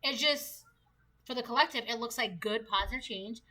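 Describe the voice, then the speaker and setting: High, bright-voiced chatty woman. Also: normal speed. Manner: chatty, laughs often, slangy asides. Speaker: tarot reader. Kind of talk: casual tarot reading to camera.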